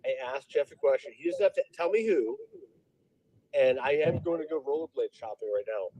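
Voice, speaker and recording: A man's voice: medium pitch, fairly quick, a little hiss or hum, poor audio. A man talking casually on a livestream as a guest, from outside a store, hedging with many fillers. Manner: animated, hedging, lots of fillers. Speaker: guest streamer.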